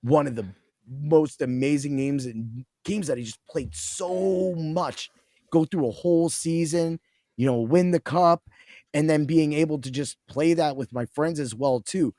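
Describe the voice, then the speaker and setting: Excitable man rambling about games. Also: on the high side, a little slow, no echo, clean studio sound. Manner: excitable, rambling, with laughs and restarts. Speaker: podcast guest. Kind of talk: casual chat.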